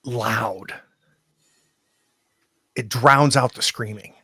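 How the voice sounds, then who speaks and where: A man runs a tabletop horror game, taking his time and stopping often to restart his thoughts. His pitch sits at a middling level, and his speech is slow and unhurried. The sound is dry and close, with no room around it. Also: pushed and bright, breathy edge, no room sound. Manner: slow, hesitant, many ums and restarts. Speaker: game master.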